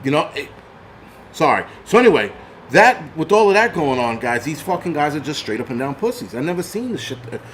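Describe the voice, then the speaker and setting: A man's voice: on the high side, very animated, fairly quick, fairly bright tone, slight background noise. A man hosting his own channel, ranting angrily and swearing through a casual monologue. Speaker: channel host. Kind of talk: profane rant vlog.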